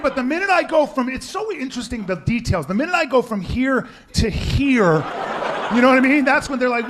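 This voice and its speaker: A man doing a rambling, conversational stand-up set in a live club. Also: extremely high pitch. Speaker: stand-up comedian. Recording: live club with crowd noise.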